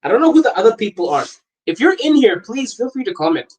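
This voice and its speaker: A man's voice: high voice, fast, low-quality recording. A young man from Botswana hosting a podcast livestream, chatting casually, joking and laughing often while reading viewer comments. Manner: laughs often, animated and jokey. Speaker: podcast host reading live chat. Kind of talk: casual live-stream chat.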